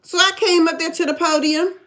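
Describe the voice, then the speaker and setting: A woman's voice: very high-pitched, fairly even intonation, fairly quick, sharp tone. A middle-aged woman telling her own story in casual talk, emphatic and often checking that the listener understands. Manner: emphatic, keeps asking "you understand?". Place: in Ohio.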